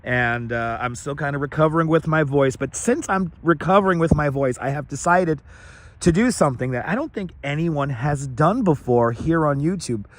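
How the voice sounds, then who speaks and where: A hoarse-voiced man hosting a live walking stream outdoors, rattling off viewer names and welcomes on a clip-on mic. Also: on the high side, moderate pace. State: scratchy, hoarse voice. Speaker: livestream host. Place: outdoors on city streets. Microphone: wireless clip-on mic.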